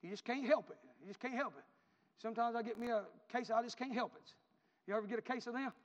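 A man preaching a sermon, repeating phrases in a rhythmic build that rises to shouts. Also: extremely high pitch, fast. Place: church. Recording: reverberant hall, dull lo-fi.

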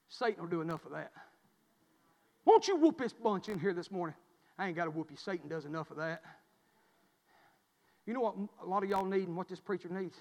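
A man preaching a sermon, swinging from quiet storytelling to shouted preaching. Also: sits high, animated, fairly quick, vocal fry, long pauses, long reverb tail. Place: church.

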